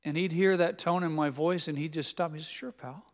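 A man preaching a sermon in a church, telling stories with gentle humor. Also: a little high, fairly even intonation, fast, long reverb tail. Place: church sanctuary.

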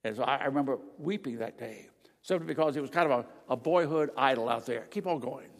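An older man preaching a sermon with slides, emphatic and swinging between loud declarations and quiet asides. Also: mid-range voice, fast, vocal fry. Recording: long reverb of a large hall.

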